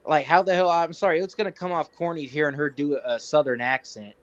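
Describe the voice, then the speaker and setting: A man with a slightly high voice talks in a casual, profane chat. His opinions are blunt, and he keeps softening them with apologies. His audio sounds dull and lo-fi. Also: fairly even intonation, fast talker, no room sound.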